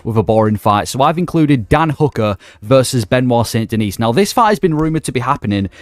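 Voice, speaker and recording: Male vlogger, mid-pitched, rapid casual delivery, emphatic and excitable. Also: dry recording. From not Australia. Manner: enthusiastic, emphatic, conversational. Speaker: MMA commentary YouTuber. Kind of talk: casual opinion vlog.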